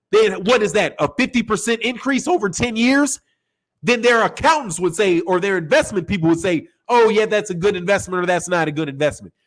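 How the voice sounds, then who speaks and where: A man hosting a boxing channel, giving animated, profane opinion commentary and acting out quoted voices. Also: sits high, low-quality recording. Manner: animated, acts out quoted voices, curses freely.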